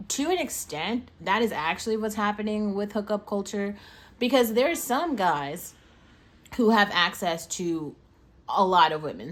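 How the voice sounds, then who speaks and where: Young woman host with hiccups, low-pitched for a woman, rambling casual delivery heavy on fillers and swearing. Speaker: podcast host. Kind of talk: casual monologue.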